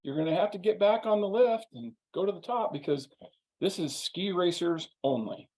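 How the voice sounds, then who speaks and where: A man's voice: high-pitched, animated, moderate pace, darkish tone, voice pushed up. A man playing a young female lift operator, polite but firm, repeating herself with patient insistence. The voice sits well above his own, as a storyteller acts her out. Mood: politely firm.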